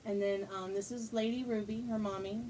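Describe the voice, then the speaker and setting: A woman's voice: medium pitch, fairly even intonation, a little fast, a little mellow, slight background noise, poor audio. A woman hosting a casual livestream chat at home, greeting viewers and rambling with many fillers and restarts. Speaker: livestream host.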